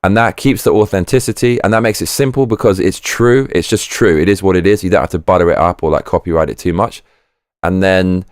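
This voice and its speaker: A man with a deep, darkish voice hosts a live chat stream, rambling, cursing freely, and restarting his sentences often. The sound is dry and of studio quality.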